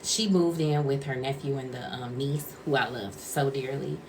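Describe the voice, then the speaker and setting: Speaking in a very deep voice at a moderate pace, this former caregiver turned vlogger rambles through a conversational story, voicing the quotes of the people involved. There's a little hiss or hum in the recording of this casual storytelling vlog.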